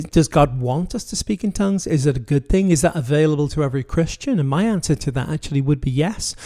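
An earnest male pastor teaches from his home office, leaning on key phrases and slowing down to stress them. His voice sits a little higher than most men's. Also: a little mellow. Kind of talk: sermon-style teaching, recorded from home.

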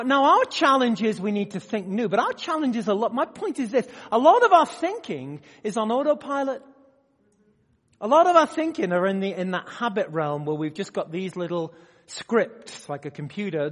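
A male preacher with a high, lively voice that keeps climbing and dropping. He moves from loud emphatic bursts to quiet asides and keeps checking in with the room. His voice rings with the long reverb of a large hall. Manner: asks the audience direct questions. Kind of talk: sermon.

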